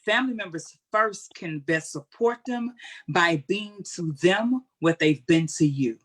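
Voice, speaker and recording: Earnest, candid woman with a lowish voice. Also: unhurried. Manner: earnest, candid, colloquial, animated storytelling. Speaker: guest speaker. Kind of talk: heartfelt conversational interview answer.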